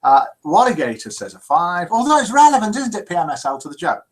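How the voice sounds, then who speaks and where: A man hosting a live call-in show, in a jokey, lively manner, chatting and reading out listener messages. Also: high voice, fast.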